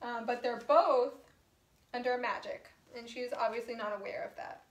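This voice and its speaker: High-voiced woman teacher reading a story. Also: fairly even intonation, normal speed. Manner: patient, explanatory, chatty. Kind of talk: reading a storybook aloud to children with explanations. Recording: echoey room.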